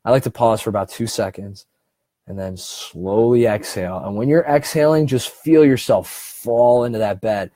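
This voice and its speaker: A man speaking in a warm, mellow voice as he leads a relaxed self-help seminar. He talks to the audience directly and encouragingly, with plenty of restarts and slowed-down emphasis. The sound is dry and close, with no room echo. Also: on the low side. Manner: conversational and encouraging, with frequent restarts and slow, deliberate stretches. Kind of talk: casual seminar talk.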